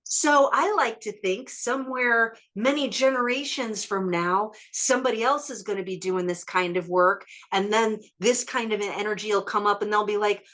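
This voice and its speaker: A woman leading an ancestral healing session, calmly and methodically counting back through generations in a matter-of-fact way. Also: medium pitch, normal speed, hardly any pauses.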